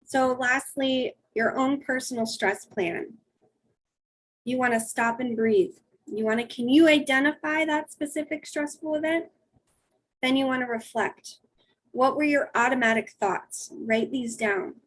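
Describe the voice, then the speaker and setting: A middle-aged woman with a husky, slightly high voice presents a wellness webinar. She talks in a friendly, conversational way and walks through practical tips one by one. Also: a little slow, poor audio. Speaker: dietitian and wellness coach.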